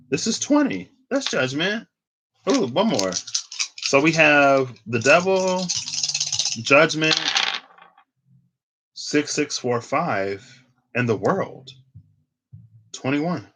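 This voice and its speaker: A man with a fairly high, expressive voice gives a casual tarot reading to camera, speaking extremely slowly with frequent pauses over background noise. He rambles and thinks aloud in a laid-back way, says "like" constantly, restarts often, and laughs at himself.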